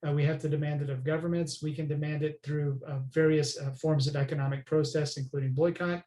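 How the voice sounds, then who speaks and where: A man's voice: a little high, level tone, quick pace, dark tone, roomy sound. A man speaking as a podcast guest, earnest and emphatic, often checking in with "right?". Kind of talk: conversational interview.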